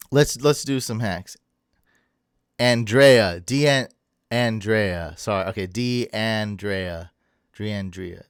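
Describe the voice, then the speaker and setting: A man hosting a late-night livestream, rambling and friendly as he reads out viewer comments and thanks people. His voice sits a little low and sounds clear and smooth. The sound is close and dry. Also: no echo. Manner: chatty, rambling, thanks viewers and stumbles over names. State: tired. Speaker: livestream host. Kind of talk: casual livestream chat reading viewer comments. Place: home room.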